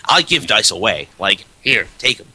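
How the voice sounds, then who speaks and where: Man, gaming podcast co-host, lowish pitch, very bright sound, rambling chat. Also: sing-song, moderate pace, breathy edge, rough recording. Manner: talkative, many "like" fillers. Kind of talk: casual chat.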